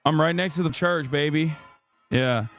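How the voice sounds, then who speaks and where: A man streaming casual reaction commentary in a profane, animated rant. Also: a little high, normal speed, faint music behind.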